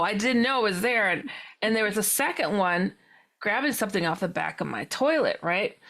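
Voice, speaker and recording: On a podcast, a female paranormal author narrates an episode from her life with real energy. She breaks into laughter frequently and dramatizes her past remarks, her voice jumping suddenly in pitch.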